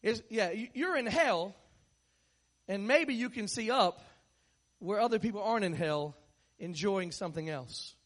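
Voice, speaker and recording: A man's voice: high-pitched, lively intonation, measured pace, long pauses, a bit bright. A man preaching a sermon, a conversational, joking storyteller.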